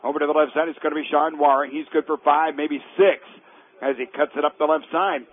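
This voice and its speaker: A man's voice: on the high side, fairly even intonation. A man calling live college football play-by-play from the press box, rising and stretching his words when a big play breaks. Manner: rises sharply and slows on big plays. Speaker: play-by-play announcer. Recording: tinny phone-line radio broadcast.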